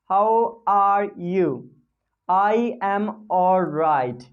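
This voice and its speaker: Slow, drilling woman teacher. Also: medium pitch, narrow, tinny audio. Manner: slow, repeats model phrases for drill; many fillers and restarts, non-native phrasing. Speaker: English pronunciation teacher. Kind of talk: casual spoken lesson to camera.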